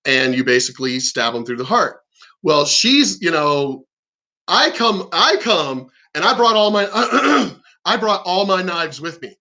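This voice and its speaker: A man's voice: high-pitched, very animated, a little slow, pushed and bright. A man telling stories and ranting in a blunt, profane, combative monologue. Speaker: vlogger.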